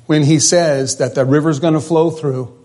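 Male pastor, casual sermon delivery, voice a touch high, quizzes the congregation. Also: fairly even intonation, normal speed, dark tone. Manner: conversational, asks the congregation questions.

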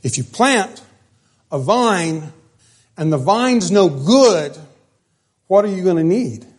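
A man preaching. His voice sits a little higher than most men's, and he keeps punching key words before sinking low and soft. His delivery is folksy, earnest and emphatic. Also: expressive, takes it slowly. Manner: emphatic, swings between loud stresses and quiet drops. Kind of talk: sermon.

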